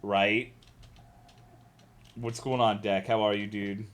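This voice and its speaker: A man's voice: on the low side, level tone, slow pace, fairly bright tone, slight background noise. Profane ranting American man streamer. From United States. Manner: profane, ranting, reads chat aloud. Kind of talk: casual livestream chat.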